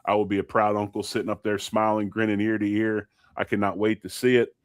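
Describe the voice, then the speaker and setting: A man's voice: on the low side, flat delivery, brisk, clean tone, no echo, clean studio sound. A man co-hosting a casual sports podcast, heartfelt and rambling, often repeating himself. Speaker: podcast co-host.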